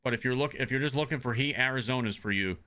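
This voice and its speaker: A man's voice: medium pitch, fast talker, pushed and bright. A man originally from the Northeastern US chatting casually while streaming a game, blunt and profane and prone to rambling.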